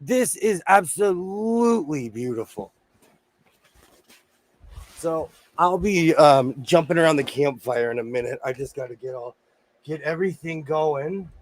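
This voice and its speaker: A man's voice: on the high side, animated, unhurried. A man hosting a casual livestream from his home sewing room, chatting and cheerfully greeting viewers by name.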